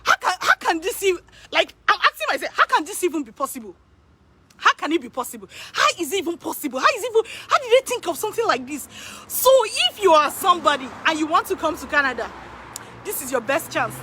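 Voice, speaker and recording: Speaking very high-pitched and fast, this Canadian immigration consultant addresses her viewers directly with obvious excitement. She laughs a lot and repeats phrases to drive her points home.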